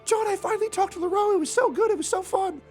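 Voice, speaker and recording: Male streamer as an anxious young woman: high, quivering falsetto, timid. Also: fast, darkish tone, soft background music. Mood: excited.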